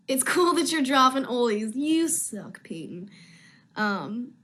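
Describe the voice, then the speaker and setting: A woman's voice: on the high side, very animated, slow pace, a bit bright. A young woman actress chatting casually on a live video stream from home, answering fan questions in a rambling, easily sidetracked way.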